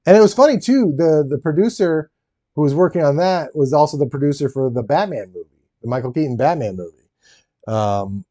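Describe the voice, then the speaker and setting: A man's voice: mid-range voice, dark tone, dry recording. A man streaming live while building a Lego set, chatting casually and rambling, laughing often and answering his chat.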